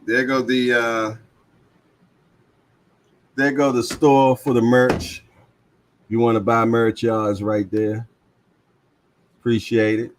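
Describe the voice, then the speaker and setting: A man's voice: medium pitch, flat delivery, takes it slowly, pauses often. A man hosting a livestream, chatting casually and reading viewer comments aloud with a laid-back, slangy manner. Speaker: livestream host.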